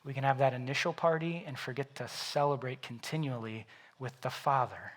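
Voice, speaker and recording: A man preaching a sermon as pastor, animated and acting out the Bible characters in quoted voices. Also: mid-range voice, brisk.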